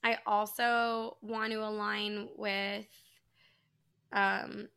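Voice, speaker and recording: A woman co-hosting a podcast in casual chat, animated and joking with dramatic flair. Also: medium pitch, very slow, creaky, smooth. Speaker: podcast co-host.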